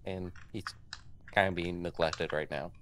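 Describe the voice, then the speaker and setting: A man's voice: deep voice, fairly even intonation, a little slow, fairly bright tone, slight background noise. A man hosting an online game stream, chatting wryly and mocking himself. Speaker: streamer, lobby host. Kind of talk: casual gaming chat.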